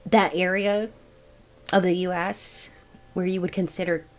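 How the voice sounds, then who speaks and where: A woman's voice: fairly low pitch, flat delivery, faint music behind, rough recording. Musing woman doing a tarot reading. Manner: musing, thinks aloud, unhurried. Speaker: tarot reader. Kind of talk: casual tarot reading to camera.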